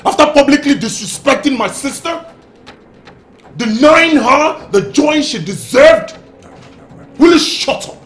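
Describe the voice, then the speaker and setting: A man's voice: a little high, sing-song, measured pace, roomy sound, recorded from a distance, a little hiss or hum. An actor playing a hot-tempered young man who defends his family, with a Nigerian English accent. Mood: angry. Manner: heated, shouting, indignant. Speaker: actor in a film.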